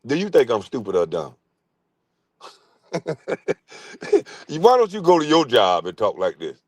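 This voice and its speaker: A middle-aged man streaming a profane comic rant, crude, loud and laughing often. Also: medium pitch, huge pitch swings, measured pace, dry recording.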